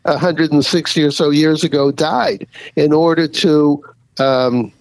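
A man's voice: fairly high pitch, steady tone, unhurried, slight background noise, low-quality recording. A man interviewed as an author, answering at length with lots of fillers and restarts. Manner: rambling, many fillers and restarts, chuckles. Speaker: author and guest.

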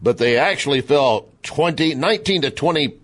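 A man's voice: mid-range voice, expressive, normal speed. Emphatic male talk radio host. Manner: emphatic, repetitive, conversational. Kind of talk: political talk radio commentary.

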